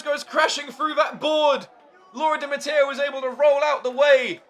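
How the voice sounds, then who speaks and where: A man calling a wrestling match play by play, excitable and shouting at the big moves. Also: very high voice, normal speed, faint music behind, a faint crowd. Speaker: wrestling commentator. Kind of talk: play-by-play commentary.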